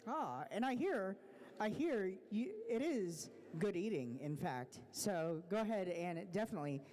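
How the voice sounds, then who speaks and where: A roller derby announcer introducing bouts and teams live in an easygoing, joking way, with many pauses. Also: mid-range voice, big pitch swings, darkish tone.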